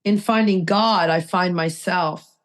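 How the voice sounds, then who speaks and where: A woman's voice: fairly low pitch, takes it slowly. A woman co-hosting a recovery podcast, reading passages aloud and putting emphatic, direct questions to the listener. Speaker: podcast co-host.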